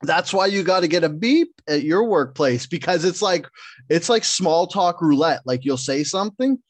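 A man co-hosting a podcast, telling work stories in a casual, animated way, laughing and swearing often. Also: fairly high pitch, moderate pace, dry recording. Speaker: podcast co-host.

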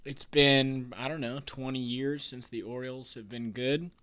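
A man's voice: mid-range voice, fairly even intonation, moderate pace, a bit bright, clean tone. A man hosting a casual sports podcast, talking in a playful, jokey way and hyped about his team. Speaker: podcast host.

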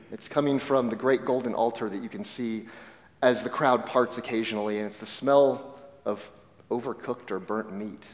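Guy preaching a sermon as a story, goes quiet and slow at the big moments, long echo from a big church room. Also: medium pitch. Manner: vivid storyteller, dropping soft and slow at key moments. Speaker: pastor. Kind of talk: sermon told as second-person story. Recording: long reverb of a large hall.

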